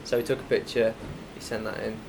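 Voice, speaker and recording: A man's voice: on the low side, little pitch movement, fast talker, heavy background noise. A young man co-hosting a podcast, telling stories playfully and laughing often. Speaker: podcast co-host. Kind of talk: casual chat.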